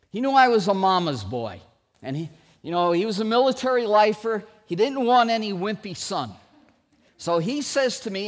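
A middle-aged man preaching a sermon, slow and emphatic, with sudden loud rises for stress. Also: sits high. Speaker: pastor. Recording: long hall reverb.

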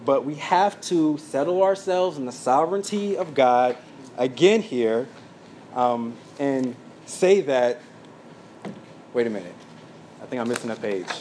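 A man delivering a verse-by-verse sermon, pausing on fillers and stepping into brief asides as he works through his notes. His voice sits at an ordinary middle pitch, with a faint hiss of room noise underneath. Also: lively intonation, a little mellow. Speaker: pastor.

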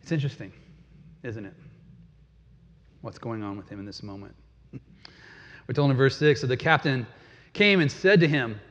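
A man's voice: medium pitch, lively intonation, moderate pace, pauses often, a bit bright. Male pastor, conversational sermon, long hall reverb, muffled lo-fi sound. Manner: conversational preaching with chuckles and repeated words.

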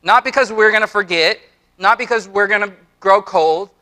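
A man's voice: high-pitched, moderate pace, pushed and bright. A man in his forties preaching a sermon to a church congregation, earnest, with repetitions and casual asides. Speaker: pastor.

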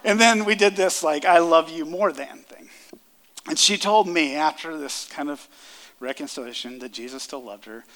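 A man in his thirties preaching a sermon, earnest, rising loud on key lines and dropping soft. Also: a little high, moderate pace. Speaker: pastor. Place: church sanctuary. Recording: long hall reverb.

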